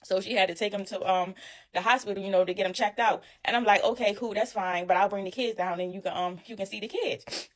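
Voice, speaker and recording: A woman telling a story about herself in a casual, animated, indignant way, speaking straight to her listeners. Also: mid-range voice, fast talker. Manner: animated, indignant, addresses listeners as y'all and honey. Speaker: storyteller recounting her own experience.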